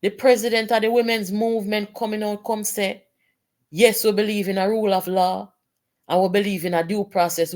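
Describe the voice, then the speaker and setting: A woman's voice: mid-range voice, brisk, a little mellow. A woman with a Jamaican accent, delivering impassioned political commentary with indignant, emphatic rhetorical questions.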